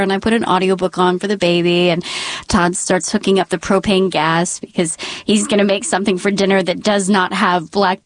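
A woman telling a personal story with dry, wry humor, dropping to a hushed whisper at tense moments. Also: mid-range voice, no echo.

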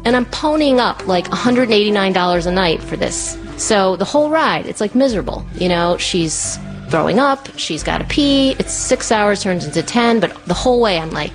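A middle-aged woman telling a personal story live, animated, acting out the people in it. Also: normal speed, faint music behind. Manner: animated, acts out her child in a high voice.

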